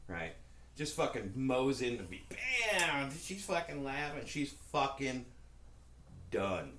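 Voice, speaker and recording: A man co-hosting a podcast, telling a long, rambling story in a casual, profane, animated way. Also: medium pitch, measured pace. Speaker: podcast co-host. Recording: roomy echo with faint background noise.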